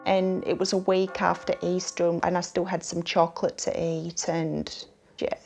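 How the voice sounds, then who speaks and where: A woman's voice: on the low side, level tone, moderate pace, creaky, darkish tone, slight background noise. A young Australian woman in a casual interview, recalling dates in a precise, matter-of-fact way.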